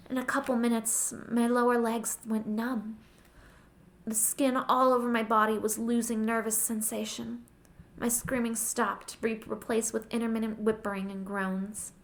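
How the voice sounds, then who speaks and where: Higher-voiced woman reading an audiobook. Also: flat delivery. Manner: plain, unhurried reading, then chatty and self-deprecating. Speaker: amateur audiobook reader. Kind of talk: first-person audiobook narration and casual sign-off. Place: under a heavy blanket at home.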